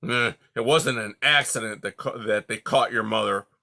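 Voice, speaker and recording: A man doing a gruff, snappish old porcupine. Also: mid-range voice, normal speed. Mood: grumpy. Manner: gruff, snappish, louder than the narration. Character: grumpy old male porcupine, sharp-tongued.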